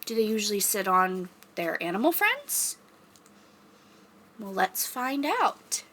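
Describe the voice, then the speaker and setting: A young woman rehearsing a children's story time, reading aloud in an animated, sing-song teacher voice and making animal noises. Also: medium pitch, takes it slowly, a little hiss or hum.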